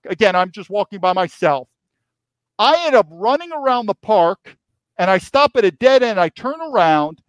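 This is a storytelling interview with a male podcast guest from New York whose voice is high-pitched. He speaks emphatically and returns to key phrases, and the audio is dry.

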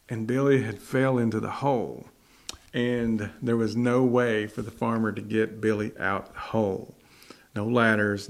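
A man's voice: medium pitch, gravelly. A man preaching a folksy sermon that builds to emphatic repetition. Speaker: pastor. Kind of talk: sermon with storytelling.

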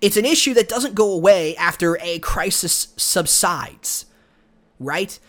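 A man's voice: sits high, lively intonation, measured pace, fairly bright tone. A man hosting a solo podcast, giving opinionated, argumentative commentary straight to the listener. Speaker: podcast host.

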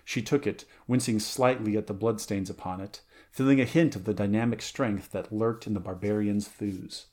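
A man reading a story aloud in a steady manner, now and then correcting small slips. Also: lowish voice, moderate pace. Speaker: reader. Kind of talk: audiobook reading, amateur.

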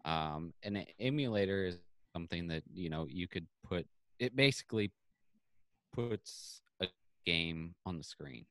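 A man's voice: low-pitched, expressive, a little slow, fairly bright tone, no echo, clean studio sound. A man co-hosting a podcast, explaining things loosely and hesitantly in casual chat. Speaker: podcast co-host.

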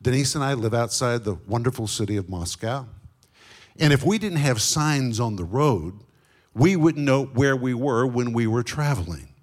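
A middle-aged man teaching a sermon as a guest Bible teacher, emphatic and deliberate, slowing down on key words. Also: mid-range voice, lively intonation.

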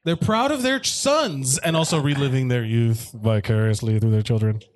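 A man's voice: mid-range voice, normal speed. A man hosting a casual movie commentary podcast, joking and swearing as he rambles with restarts. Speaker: podcast host.

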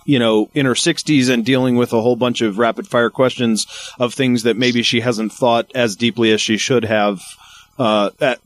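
A man co-hosting a podcast, joking and asking quick questions. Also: mid-range voice, no room sound. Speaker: podcast co-host. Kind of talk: casual chat.

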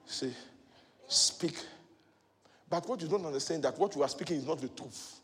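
A male preacher giving a sermon, moving between loud shouted exhortation and quiet teaching. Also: on the high side, moderate pace. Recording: long hall reverb.

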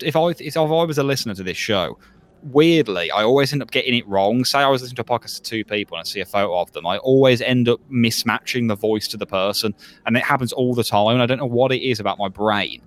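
A man's voice: medium pitch, fast. A man co-hosting a podcast in casual chat, talking freely, laughing often and quoting lines with relish. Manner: chatty, laughs often, quotes lines in a lively voice. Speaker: podcast co-host.

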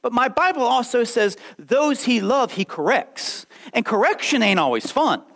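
A man in his late thirties preaching a sermon, lively and conversational, acting out quoted voices as he goes. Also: very high voice, normal speed, poor audio. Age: 30s. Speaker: pastor.

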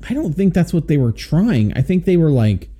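A man's voice: on the high side, very animated, normal speed, mellow. A man co-hosting a podcast, chatting about a movie in an easygoing way and thinking aloud. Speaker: podcast co-host. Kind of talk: casual movie review chat.

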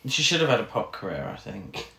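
A man's voice: lowish voice, big pitch swings, fairly quick, gravelly, sharp tone, roomy sound. A man co-hosting a casual chat, making jokey, camp asides and wry quips. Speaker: podcast co-host.

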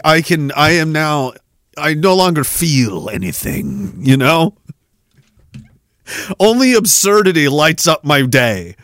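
A man's voice: fairly high pitch, a bit bright, no echo, clean studio sound. A man hosting a podcast in casual chat, rambling, swearing freely and joking darkly. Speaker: podcast host.

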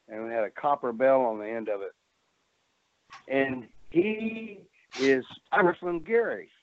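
A man's voice: medium pitch, dry recording. An older man, once a pro wrestler, calls in over a thin, phone-like line. He rambles from story to story in a salty way and laughs at his own tales. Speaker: former pro wrestler, guest. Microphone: telephone.

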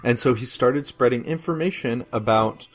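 A man hosting a loose comedy history podcast, talking in a middle-pitched voice. He rambles through the story with filler words and swearing, and keeps breaking into laughter. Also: moderate pace. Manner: rambling, profane, laughs often. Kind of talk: casual comedic history chat.

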